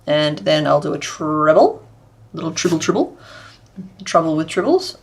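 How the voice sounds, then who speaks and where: Hosting a laid-back crochet livestream, a woman with a low, sing-song voice and some vocal fry chats at a moderate pace. She answers chat and tosses out puns as she works.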